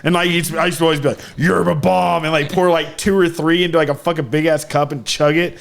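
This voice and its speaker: A man's voice: on the high side, fairly even intonation, quick pace. A young man co-hosting a podcast, talking in a swear-filled casual chat full of fillers. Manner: swearing, laughing, filler-heavy. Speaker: podcast co-host.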